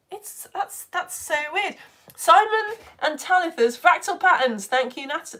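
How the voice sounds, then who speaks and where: Excitable woman chatting on a live stream. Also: high voice, normal speed. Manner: chatty, excitable, laughs often. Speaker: educator reading live comments. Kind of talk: casual live-stream chat.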